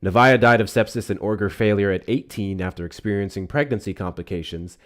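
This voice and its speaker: A man's voice: on the low side, brisk. A man hosting a live political call-in stream, talking bluntly and heatedly.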